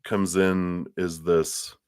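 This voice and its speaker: Deep-voiced man giving a rambling tarot reading. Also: little pitch movement, extremely slow, a little mellow, clear, resonant tone, no room sound, clean studio sound. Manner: rambling, encouraging, many fillers and restarts. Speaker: tarot reader. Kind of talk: live tarot reading to a viewer.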